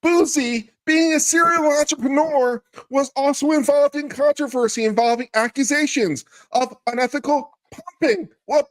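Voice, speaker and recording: Male comic doing a high falsetto mock-innocent busybody, sweet and prissy. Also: poor audio. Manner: mock-innocent sing-song commentary. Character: prim, wide-eyed, sugary-sweet naive gossip. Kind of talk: comic reading aloud of a court filing.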